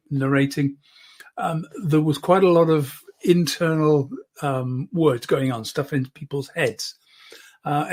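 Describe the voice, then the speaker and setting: Husky-voiced man coaching public speaking. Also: fairly high pitch. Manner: demonstrative, often drops to a soft, close voice. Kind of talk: online speaking lesson. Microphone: microphone close to the speaker.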